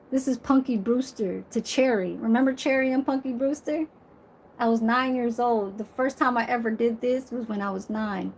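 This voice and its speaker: A woman's voice: fairly high pitch, a little mellow, a little hiss or hum. A woman in her forties talking to camera in a blunt, emphatic, profane way. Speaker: vlogger. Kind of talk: casual monologue to camera.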